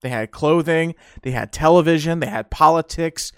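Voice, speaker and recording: Rambling man with a smooth voice. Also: fairly high pitch, moderate pace, no echo, clean studio sound. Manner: rambling, laughs often, many fillers. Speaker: streamer podcast host. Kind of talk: casual nostalgic chat.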